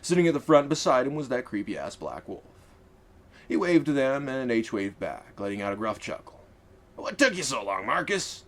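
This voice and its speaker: A man's voice: medium pitch, very animated, moderate pace. A man narrating his own fantasy audiobook in a wry, casual storytelling manner. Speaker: author and narrator.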